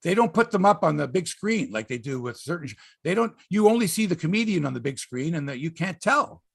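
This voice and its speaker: A man's voice: a little high, very animated, brisk, creaky, husky, no room sound, studio quality. A man hosting a sports podcast, telling rambling, profane stories in casual chat.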